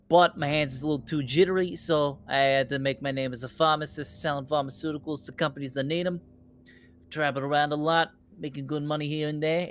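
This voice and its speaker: A man's voice: on the high side, fairly bright tone, close to an everyday voice. Man doing a New York Italian accent, streetwise pharmacist, swaggering, crude, faint music underneath. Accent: put-on New York Italian. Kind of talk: tabletop role-play character voice.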